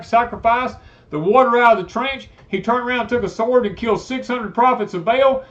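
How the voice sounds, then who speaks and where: A high-voiced Southern US man holds forth on a homesteading live stream. He swings his pitch around as he preaches, blunt and emphatic. The audio is dull and lo-fi. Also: fairly bright tone. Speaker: homesteading channel host.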